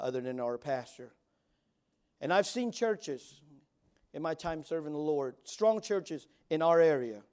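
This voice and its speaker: Delivering a sermon, this medium-pitched man in his forties, a youth pastor, swings from loud urging to quiet asides, often stuttering and doubling back over his words.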